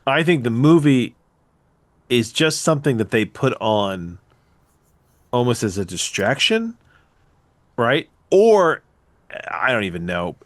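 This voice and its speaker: A man co-hosting a podcast in casual chat, hoarse as he loses his voice and quick to jump in with objections. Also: medium pitch, big pitch swings, dry recording. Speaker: podcast co-host.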